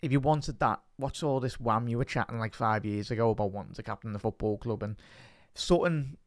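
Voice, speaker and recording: A young Scouse man giving a heartfelt, rambling fan reaction, full of restarts. His voice sits at a middling pitch. The sound is close and dry. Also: fairly quick, no echo. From Liverpool, England. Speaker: fan channel presenter. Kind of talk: casual reaction talk.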